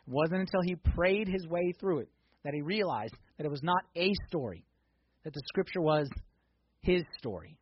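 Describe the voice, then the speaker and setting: A man preaching a sermon in a church, swinging from hushed intensity to loud, excited exhortation. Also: a little high, moderate pace, lo-fi sound, a little hiss or hum. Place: church sanctuary.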